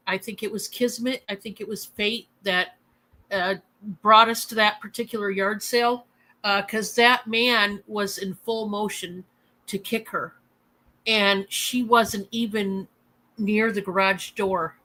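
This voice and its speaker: Speaking slowly with a sharp, medium-pitched voice on a rough recording, a channel host streams live from home. Her personal story rambles, heartfelt and packed with fillers and false starts.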